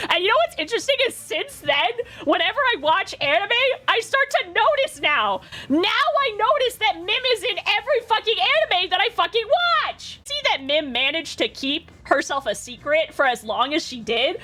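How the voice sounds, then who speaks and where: A woman streamer from Canada chatting with chaotic, excitable energy and plenty of swearing. Her voice sits high and bright and swings widely in pitch. Faint music plays in the background. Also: normal speed. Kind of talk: casual chat.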